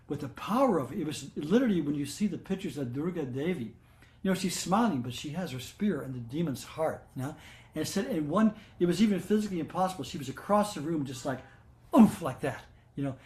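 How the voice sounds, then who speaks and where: Gentle older man telling devotional stories. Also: on the high side, roomy sound. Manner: gentle, unhurried, halting with fillers and restarts. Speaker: satsang leader. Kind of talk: devotional storytelling talk.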